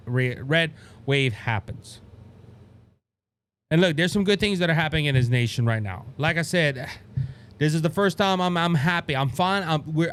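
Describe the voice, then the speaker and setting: A man with a Cajun accent delivering a political podcast monologue. His voice sits high and swings widely in pitch. He stumbles and repeats words as he presses his points fervently. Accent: Louisiana Cajun. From Louisiana. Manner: fervent, repetitive, with stammered restarts. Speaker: podcast host.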